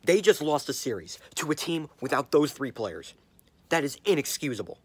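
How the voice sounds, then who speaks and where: A man's voice: on the high side, very animated, normal speed, slightly rough, no echo. Furious young man ranting about his team. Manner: furious, repetitive, stumbling over words. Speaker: sports fan vlogger. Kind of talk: angry fan rant to camera. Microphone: handheld camera.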